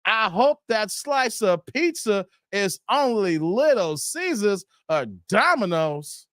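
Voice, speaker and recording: A man's voice: high voice, a bit bright, no room sound, studio quality. A man hosting a casual live stream, reading viewer comments aloud and laughing often.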